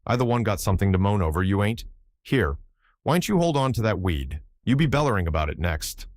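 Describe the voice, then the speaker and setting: A man voicing a sulky teenage boy in an audiobook, grumbling and scolding in a slow drawl. The sound is dry and close to the mic. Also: on the low side, big pitch swings, dry recording.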